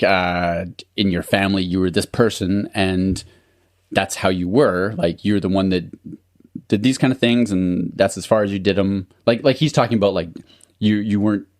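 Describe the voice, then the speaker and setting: Laid-back, low-voiced swearing podcast guy. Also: normal speed, no echo, clean studio sound. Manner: rambling, swears a lot, laughs at himself. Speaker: podcast co-host. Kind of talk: casual chat.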